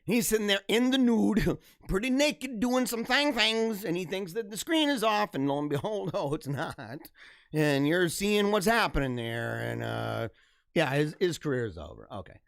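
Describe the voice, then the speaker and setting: A man hosting a live stream, chatting casually in a rambling, energetic way and laughing often. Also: high voice, moderate pace, vocal fry, no room sound, studio quality. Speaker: livestream host.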